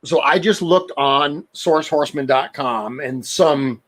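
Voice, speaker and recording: A middle-aged man with a New England accent hosts a chatty podcast about collecting. His voice sits a bit high for a man, and he rambles easily and laughs at his own stories. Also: measured pace, a bit bright. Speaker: podcast host. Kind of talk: casual chat about toy collecting.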